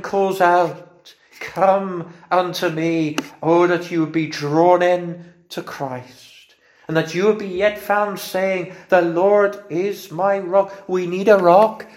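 A man preaching a sermon, slow and fervent, rising into repeated exclamations. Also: a little high, a little mellow. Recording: roomy echo.

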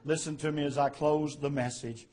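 A male preacher delivers a sermon in a fairly high voice. He builds to emphatic, louder peaks, then drops back to soft, conversational asides. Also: steady tone, normal speed. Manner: preaching with rising, emphatic swells and quieter asides.

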